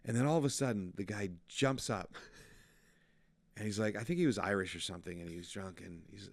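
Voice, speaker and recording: A middle-aged man with a very low, gravelly voice, a podcast guest telling animated stories in casual chat. He laughs at his own tales. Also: a little fast. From Canada. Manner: animated anecdote teller, laughs at himself. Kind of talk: casual storytelling.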